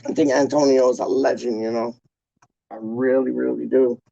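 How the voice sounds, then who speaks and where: A man with a medium-pitched, dark voice and vocal fry chats casually on a live stream, answering viewers' questions at a normal speed with flat delivery. He's slangy and laid-back, saying "dog" and "straight up." The recording is dry and muffled.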